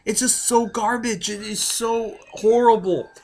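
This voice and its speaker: A man ranting in a vlog, his voice pitched a little high. He rambles hotly, piling emphasis on emphasis, with the odd curse thrown in. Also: fairly even intonation, a little slow, a little mellow. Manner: heated, rambling, profane, emphatic. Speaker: wrestling vlogger.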